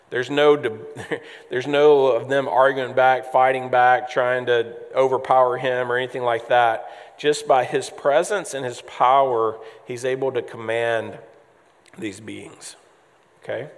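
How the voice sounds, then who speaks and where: A man's voice: medium pitch, in a large hall. A man preaching a conversational sermon as pastor, with frequent ums and restarts.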